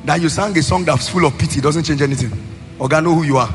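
A man with a Nigerian accent preaching a sermon as pastor, in a sing-song cadence that rises into shouted emphasis. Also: fairly high pitch, fast talker. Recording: long hall reverb, faint music.

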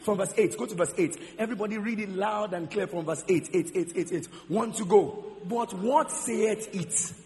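High gravelly preacher. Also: male voice, normal speed, hardly any pauses, a little mellow. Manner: call-and-response questioning, repeats key phrases. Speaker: pastor. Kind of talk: sermon. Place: large church hall. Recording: long church hall reverb.

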